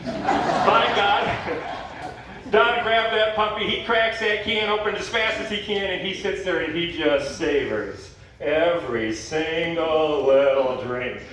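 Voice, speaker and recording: A man emceeing a talent show, polling the crowd and telling a long joke in a folksy, playful, drawn-out way. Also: on the high side, a bit bright, slight background noise. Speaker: master of ceremonies. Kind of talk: stage joke storytelling. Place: large hall at a talent show. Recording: echoey hall from far off.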